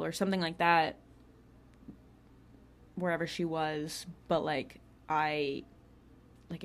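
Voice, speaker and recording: A woman's voice: sits low, steady tone, takes it slowly, long pauses, a little hiss or hum. A young woman telling a personal story in a casual, chatty way, full of filler words and laughs. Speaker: podcast host.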